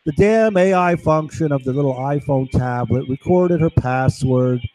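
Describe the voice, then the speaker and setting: A man's voice: fairly high pitch, moderate pace, few pauses, dark tone, no echo, low-quality recording. A man talking in a rambling, conspiratorial monologue to camera, acting out other people's voices as he goes. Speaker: vlogger.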